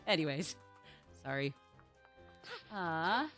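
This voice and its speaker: A woman's voice: medium pitch, animated, moderate pace, music in the background. A woman streamer giving casual, rambling gameplay commentary, full of "like" and playful swearing.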